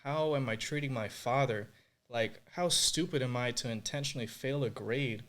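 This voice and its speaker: A man's voice: mid-range voice, moderate pace, fairly bright tone. Young man, earnest, emotional, faith testimony, lots of filler words, podcast guest. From Puerto Rico. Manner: earnest, emotional, many fillers like "like" and "you know".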